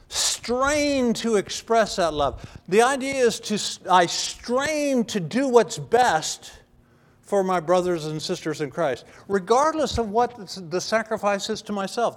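A middle-aged man preaching a sermon as pastor, earnest and emphatic, with restarts and some throat clearing. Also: high-pitched, very animated, slow. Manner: earnest, emphatic, builds to loud stressed phrases.

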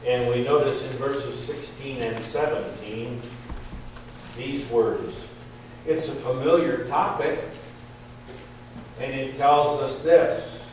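Slow-preaching man in an echoey hall. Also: medium pitch, darkish tone. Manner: slow, deliberate, rising emphasis on quoted verses. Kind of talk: sermon. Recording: very echoey hall, distant mic, faint hum.

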